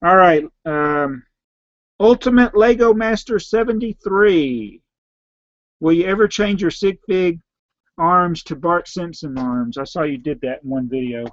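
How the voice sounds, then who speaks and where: A man with a Southern US accent, a slightly hoarse YouTube host who reads out viewer names and questions and answers them in a rambling, offhand way. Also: on the high side, a little slow, no echo, dull audio. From Southern United States. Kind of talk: casual live Q&A.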